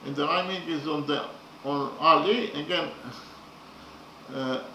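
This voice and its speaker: A man lecturing slowly and methodically, often pausing with fillers as he works through his points. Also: on the high side, pushed and bright, a little hiss or hum. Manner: slow, methodical, hesitant with frequent fillers. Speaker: literature teacher. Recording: echoey room.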